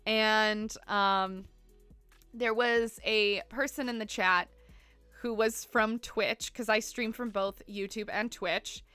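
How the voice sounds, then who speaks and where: A woman's voice: medium pitch, steady tone, slow, bright, forceful tone, clean tone, dry recording, soft background music. A Canadian woman from Ontario chatting casually with viewers on a livestream, full of "like" and "um", giggling and apologizing as she goes. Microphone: desk mic she keeps bumping.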